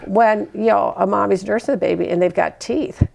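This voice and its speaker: A woman's voice: mid-range voice, fairly even intonation, brisk, gravelly, darkish tone. An older woman, a mother of fourteen, chatting in a sit-down interview and telling parenting stories, acting out what she says to her kids. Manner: chatty storytelling, acts out her own words to her kids.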